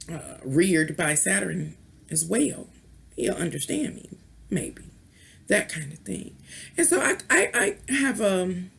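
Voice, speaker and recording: A woman's voice: lowish voice, creaky, a little hiss or hum. Chatty rambling woman tarot vlogger. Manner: chatty, rambling, with restarts and playful beeping sounds. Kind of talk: casual rambling rant.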